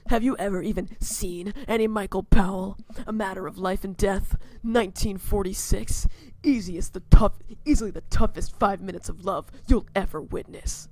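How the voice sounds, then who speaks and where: A woman voicing a gruff, brooding middle-aged man and intense film snob, in a low, breathy half-whisper that turns pompous when he lectures. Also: moderate pace, a little mellow, a little hiss or hum, lightly acted. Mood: lecturing. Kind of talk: voicing a visual novel character.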